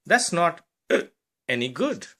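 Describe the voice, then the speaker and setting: A man's voice: very animated, slow, heavily acted. A man voicing a small young male bear cub, raising his voice and breaking words with hiccup gasps. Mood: earnest. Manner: high, bright, gasping hiccups between words.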